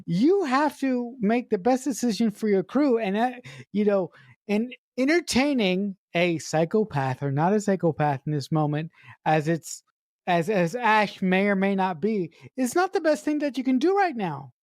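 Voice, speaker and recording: A woman's voice: medium pitch, lively intonation, moderate pace, darkish tone, dry recording. Woman podcast co-host, emphatic ranter who swears for punch, dry close sound. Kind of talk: casual film review chat.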